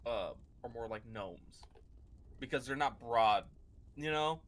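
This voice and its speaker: Bright-voiced man in a rambling chat. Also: medium pitch, animated, unhurried. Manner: rambling, lots of filler words, laughs often. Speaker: book club podcast co-host. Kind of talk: casual chat.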